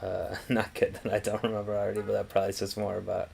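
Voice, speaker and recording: Low-voiced guy with a bit of fry, rambling through a movie review on stream, lots of ums and restarts. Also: completely flat delivery, darkish tone, slight background noise. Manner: halting, thinking aloud with many fillers and restarts. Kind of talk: casual live-stream reaction.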